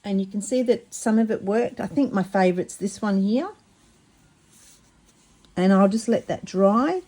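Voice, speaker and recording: A mellow-voiced woman talks through a craft project at her table. She is chatty and excitable, often tripping over her words. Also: mid-range voice, a little slow. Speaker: craft vlogger. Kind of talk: casual craft demonstration.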